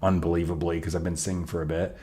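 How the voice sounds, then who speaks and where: A man talking casually on a live stream while recording his own song, chatty and self-critical about each take, his voice not fully warmed up. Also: low voice, little pitch movement, fast, heavy background noise. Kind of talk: casual live-stream commentary between vocal takes.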